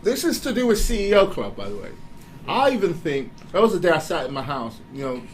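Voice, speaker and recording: A man speaking in a slightly high voice tells a personal story in a candid motivational talk. He is animated and confessional, often laughing as he talks. A faint hiss of room noise sits under his voice. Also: a little fast.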